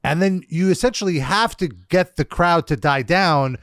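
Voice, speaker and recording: A man co-hosting a podcast in casual chat, breaking down what he watched with lively, quick asides. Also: on the high side, no echo, studio quality. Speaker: podcast co-host.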